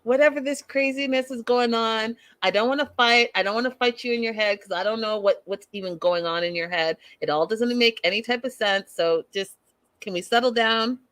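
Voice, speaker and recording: Woman host, higher voice, dry close sound, animated sassy recap chat. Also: brisk, no echo. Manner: animated, sassy, acts out quotes. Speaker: host recapping a reality show. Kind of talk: casual recap commentary.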